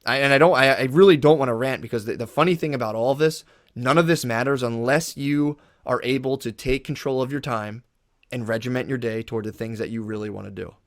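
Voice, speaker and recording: A man's voice: medium pitch, fast, no echo, studio quality. A man talking as a podcast guest, blunt and emphatic, swearing freely as he gives a pep talk. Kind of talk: casual chat.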